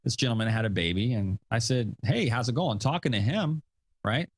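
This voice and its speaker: A man hosting a podcast talks briskly at medium pitch with lively intonation, chatting casually and rambling with fillers and jokes at his own expense. He's an adult father of young kids, and the recording has no room sound.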